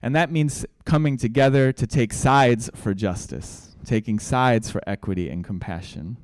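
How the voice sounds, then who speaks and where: A man, a guest speaker, telling a children's story in a sermon, gentle and trailing off quietly at line ends. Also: medium pitch, normal speed, no room sound.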